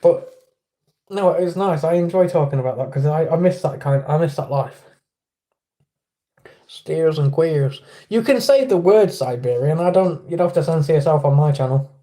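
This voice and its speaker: A man's voice: fairly high pitch, expressive, fairly quick, mellow. A man with an English accent hosting a casual livestream, chatting with viewers and greeting them by name. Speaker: livestream host.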